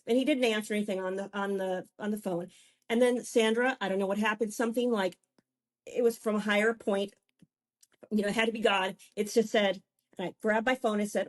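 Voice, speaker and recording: A woman's voice: mid-range voice, fairly quick. Effusive grandmother telling her story. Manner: effusive, restarts often, gets emotional. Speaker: guest, beauty and wellness coach. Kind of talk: candid personal storytelling.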